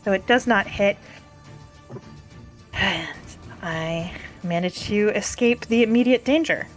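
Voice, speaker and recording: A woman's voice: mid-range voice, slow pace, faint music behind. A woman playing in an online tabletop game, carefully talking through her turn step by step. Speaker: player.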